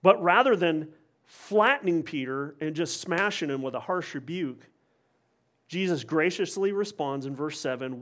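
A man's voice: a little high, lively intonation, a little slow, fairly bright tone. A man preaching a sermon, explaining a passage in an earnest, expository way, with occasional wry asides.

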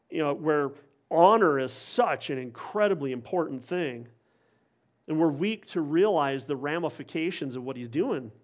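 A man preaching a sermon, explaining a passage in an earnest, expository way, with occasional wry asides. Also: on the high side.

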